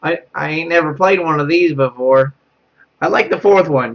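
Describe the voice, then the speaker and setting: A young man streaming a horror game live, panicking, laughing nervously and repeating himself as he reads chat aloud. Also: moderate pace. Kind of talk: live gameplay commentary. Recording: dull low-quality mic.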